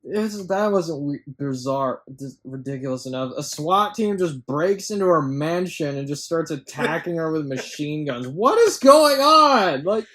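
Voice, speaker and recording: A podcast co-host with a voice on the high side talks at a moderate pace with few pauses. Chatting casually about a film, he rambles and sounds incredulous, swearing and laughing along the way.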